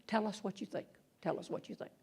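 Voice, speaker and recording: A woman voicing her husband, a calm former school principal who lectures her patiently and at an even pace. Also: high-pitched, moderate pace. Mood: lecturing calmly.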